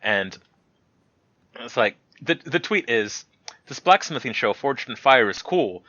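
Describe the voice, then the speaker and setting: A young man with a bright, forceful voice joins a casual podcast as a guest and tells animated stories, slipping into imitations of the people he describes. The sound is dry and a little dull, as if the mic cuts off the top end. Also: mid-range voice, a little slow, dry recording.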